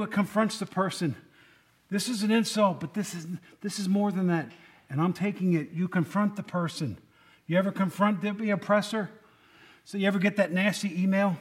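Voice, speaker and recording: A male pastor preaching a sermon in a conversational way, full of rhetorical questions and joking asides. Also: high-pitched.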